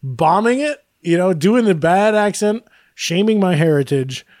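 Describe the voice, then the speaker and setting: A man's voice: high-pitched, lively intonation, measured pace, a little mellow, no echo, studio quality. A man co-hosting a casual podcast chat, rambling and self-deprecating and often laughing as he talks. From Greek heritage. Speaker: podcast co-host.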